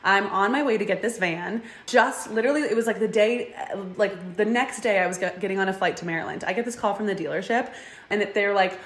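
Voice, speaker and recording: A young woman chats in an echoey room, telling stories with lively energy and filling her speech with "like". She acts out the other people's lines as she goes. Her pitch sits in a middle range. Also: brisk. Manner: animated, says "like" often, acts out quotes. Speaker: guest, van dweller. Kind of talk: casual interview storytelling.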